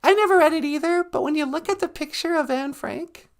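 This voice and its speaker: A man's voice: extremely high pitch, a little fast, voice pushed up. A man voicing a giddy, teasing trickster spirit who co-hosts a live stream. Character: giggly high-voiced trickster spirit sidekick. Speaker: co-host character.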